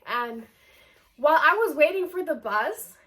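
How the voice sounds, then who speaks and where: Chatty young woman with a bright, high voice. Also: unhurried. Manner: chatty, animated, filler-heavy with lots of "like". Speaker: vlogger. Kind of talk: casual storytime chat.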